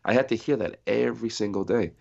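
A middle-aged man from New Jersey, a podcast guest telling stories in a lively way, acting out the people he quotes. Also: on the low side, fast, vocal fry, no echo. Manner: animated storyteller acting out quoted voices, laughing often. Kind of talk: storytelling in a podcast interview. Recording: dry muffled sound.

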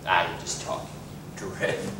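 A man's voice: measured pace, lightly acted. An actor playing a polite, easygoing young man who jokes lightly and answers with deference, in a stage play. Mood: joshing. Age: young adult. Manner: relaxed, joshing, politely deferential. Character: easygoing young gentleman caller, polite coworker. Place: theater stage. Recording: roomy stage audio from far off with hiss.

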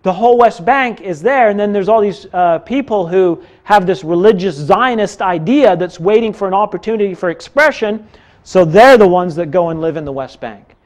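A man leads a Bible class, talking casually and explaining as he goes, often pausing on fillers. His voice sits somewhat high for a man. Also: expressive.

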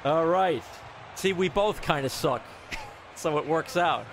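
A man giving loud, swearing commentary while playing a football video game, reacting to every play. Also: fairly high pitch, unhurried, vocal fry, background noise. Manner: excitable, yells and swears at the game. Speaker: gamer streamer. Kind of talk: live gameplay commentary.

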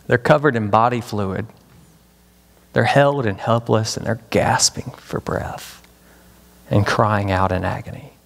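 A man's voice: lowish voice, steady tone, measured pace, vocal fry. A man from Memphis, Tennessee, preaching a chapel sermon as a pastor, dramatic and full of rhetorical questions. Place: large chapel hall. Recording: long hall reverb.

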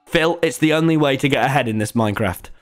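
A man streaming a game live, talking to viewers and ranting excitedly at the screen. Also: mid-range voice, fast talker. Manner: excitable, exasperated, swears and rants at the screen. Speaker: gaming streamer.

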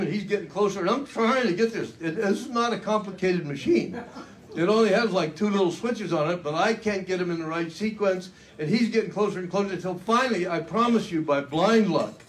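A man's voice: fairly high pitch, a little hiss or hum. An older man giving a luncheon keynote, telling his story in a folksy, dramatic way with self-mocking humor. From United States. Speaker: keynote speaker. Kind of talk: storytelling speech. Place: luncheon event hall.

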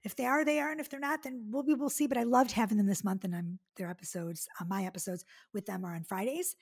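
Husky and fast, this mid-range voice keeps a fairly even intonation. It belongs to a tearful woman in her forties from the Detroit area, hosting a casual solo podcast in a chatty, effusive way with lots of fillers.

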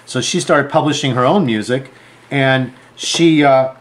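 A man's voice: mid-range voice, measured pace. A man, a sewing designer, telling a story to camera in a chatty, rambling way and acting out the dialogue. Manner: animated, acts out quoted dialogue.

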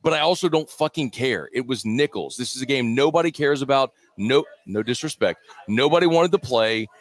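A man hosts a sports radio show from a studio, speaking into a studio microphone in a mid-range, animated voice at a slightly fast pace. His casual sports talk is blunt, profane, and dismissive.

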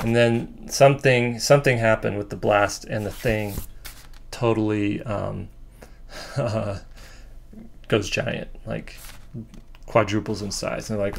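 Gravelly low-voiced man, relaxed. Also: a little slow, slight background noise. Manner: relaxed, rambling, self-critical, with frequent ums. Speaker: comic artist. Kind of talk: casual page-by-page walkthrough.

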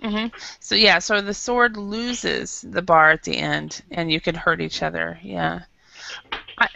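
A woman teaching an English class over a video call, explaining patiently and slowly with many fillers. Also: fairly low pitch, creaky, bright, forceful tone, no echo. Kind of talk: online English lesson. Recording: dull lo-fi video call audio.

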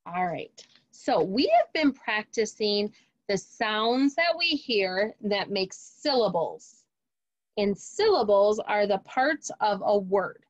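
Patient, encouraging woman teacher, unhurried phonics lesson, dry room. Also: mid-range voice, no room sound, highs cut off. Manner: slow, clear, encouraging teacher talk to kids. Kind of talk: remote phonics lesson for young children.

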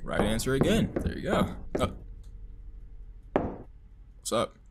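A man's voice: mid-range voice, takes it slowly, heavy background noise. A young man giving casual, profane, jumpy gameplay commentary as a streamer. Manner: excitable, profane, jumpy reactions. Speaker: gaming streamer.

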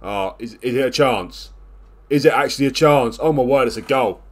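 A man talks over his gameplay in a voice of ordinary middle pitch, scolding his players and sighing in disbelief. He jumps from sudden loud outbursts to low, grumbling mutters, never settling into calm. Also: moderate pace. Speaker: video game let's-play host. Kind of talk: exasperated live game commentary.

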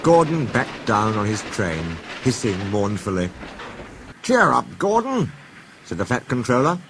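A man reads a storybook aloud with an expressive, animated delivery. His pitch ranges widely, and a clear hiss of background noise sits under the voice. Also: normal speed. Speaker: narrator. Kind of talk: storybook narration. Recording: noisy background ambience.

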